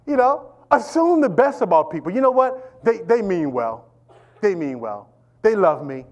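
Middle-aged man, pastor, lively sermon, high voice, repeats himself, calls out to the congregation. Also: a little slow, long pauses. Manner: animated, repetitive, calls out to the congregation. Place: church.

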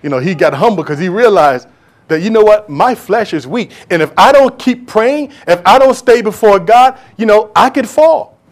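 A pastor preaching a sermon emphatically, often repeating words for stress. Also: male voice, high voice, lively intonation, normal speed.

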